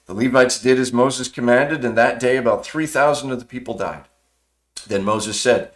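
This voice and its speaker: A pastor giving a sermon, retelling a story vividly and conversationally, with frequent "uh" fillers. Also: male voice, medium pitch, moderate pace.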